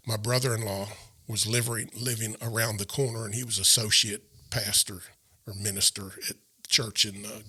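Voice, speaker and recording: A man telling his life story in a sit-down interview, earnest and halting, often repeating and restarting his words. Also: mid-range voice, pushed and bright, husky. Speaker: interview guest. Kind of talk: personal storytelling in a sit-down chat.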